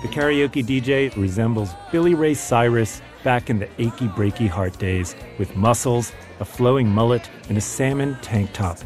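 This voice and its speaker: A man's voice: medium pitch, normal speed, few pauses, darkish tone, soft background music. A man reading aloud from his own memoir in a wry, self-deprecating storytelling manner.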